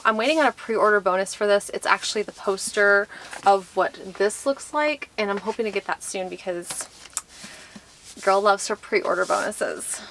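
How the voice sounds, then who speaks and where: A woman chatting casually as she unboxes books, full of excited fillers. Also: mid-range voice, a little hiss or hum, low-quality recording. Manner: gushing, lots of fillers like "like". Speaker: book vlogger.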